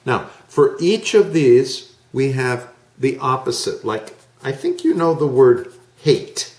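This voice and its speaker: Slow, patient male English teacher. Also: medium pitch, expressive, a little mellow, roomy sound. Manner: slow, patient, drawn-out modelling of sounds. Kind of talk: online one-to-one lesson.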